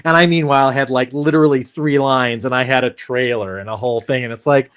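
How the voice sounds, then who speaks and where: Fast and nearly pause-free, a man's mid-range voice comes across a bit bright, clear and resonant. He's a voice actor guest spinning casual, rambling stories, restarting often, using fillers, and performing the voices of those he quotes.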